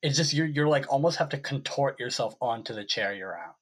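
A man's voice: medium pitch, lively intonation, a little fast, slightly rough. A young man co-hosting a casual sports podcast, rambling with lots of fillers and restarts. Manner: rambling, full of likes and restarts. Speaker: podcast co-host. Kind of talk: casual chat.

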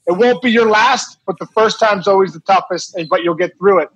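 A man in his forties, a former baseball player, telling a story in casual, animated talk with many fillers and restarts. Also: high voice, brisk, slightly rough, no echo, highs cut off.

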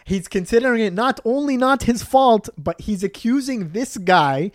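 A young Palestinian man spins a story in casual chat, his pitch leaping up and down as he acts out the other people. He swears freely and laughs a lot. The sound is dry and close. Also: normal speed, no room sound. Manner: animated, acts out voices, swears, laughs often.

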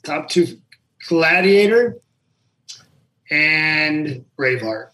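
A man's voice: fairly high pitch, very slow, rough recording. Laid-back man guest rambling along. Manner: relaxed, rambling with repeated restarts. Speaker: podcast guest, former fighter. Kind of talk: casual chat.

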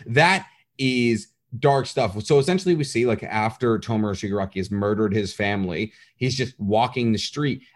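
A man co-hosting a casual podcast, talking in an animated, rambling way and acting out quotes. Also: fairly low pitch, moderate pace. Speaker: podcast co-host. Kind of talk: casual chat.

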